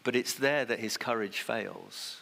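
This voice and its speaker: A man delivering a sermon in a church, his voice sitting a little low. He talks in a chatty way and briefly acts out the people in his story. Long church reverb trails after his words. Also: measured pace, gravelly, sharp tone. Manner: conversational preaching, acting out quoted voices. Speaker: pastor.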